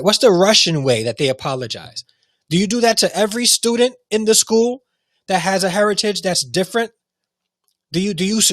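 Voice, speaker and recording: A man's voice: high-pitched, a bit bright, dry recording, clean studio sound. A man hosting a talk show, speaking with heated, repetitive emotion and many restarts. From United States. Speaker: show host. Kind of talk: impassioned commentary.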